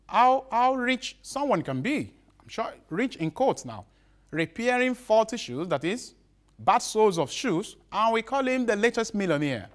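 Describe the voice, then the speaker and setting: This broadcast literature lesson comes from a male teacher whose voice sits high; he says each definition again slowly, stumbling into restarts.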